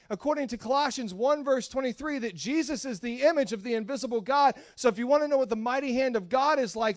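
A man preaching a sermon to his church, speaking casually with restarts, then building into repetitive, shouted fervor. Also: very high-pitched, no room sound, clean studio sound. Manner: casual slang and self-interrupting restarts. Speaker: pastor.

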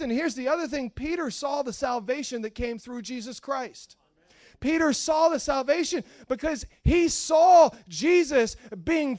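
A high-pitched man preaching in church with a plain, dry sound close to the mic. He slips into casual slang and restarts, then climbs into loud, repetitive, shouting fervor. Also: dry recording. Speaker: pastor. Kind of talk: sermon.

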